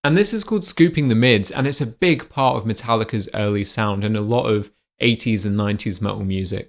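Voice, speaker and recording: A man giving a clear, step-by-step guitar tutorial in scripted narration, with guitar playing behind him. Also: on the low side. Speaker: guitar teacher.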